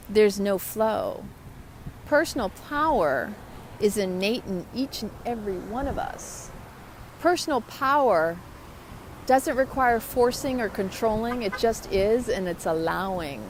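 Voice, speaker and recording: A woman's voice: mid-range voice, a little mellow, a little hiss or hum. A woman talking to her viewers in a motivational vlog, upbeat and chatty. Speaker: vlogger. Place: outdoors.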